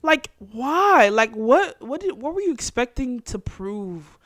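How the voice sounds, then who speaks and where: A young woman hosts her own casual chat show, reacting to clips in an animated, slangy way. She laughs often and talks to her viewers directly. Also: on the high side, slow, no room sound, clean studio sound. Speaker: podcast host.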